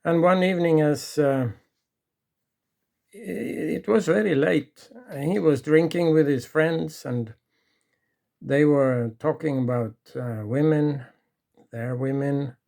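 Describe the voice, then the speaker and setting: Storyteller, man, gravelly and unhurried, halting delivery. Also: a little high, a little mellow. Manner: halting, with restarts and pauses. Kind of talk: retelling a true story from memory.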